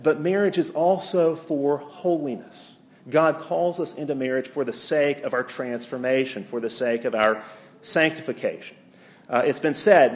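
Male preacher, earnest sermon, emphatic, slows on key phrases, mid-pitched voice, quotes scripture. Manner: quotes scripture and authors aloud. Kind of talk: sermon to a week-long gathering.

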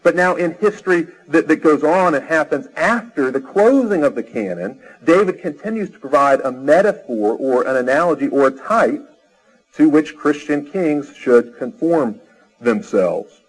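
A man's voice: on the high side, expressive, normal speed, breathy edge, rough recording. A man giving a theology lecture, explaining ideas and reading long quoted passages aloud, often restarting his phrases.

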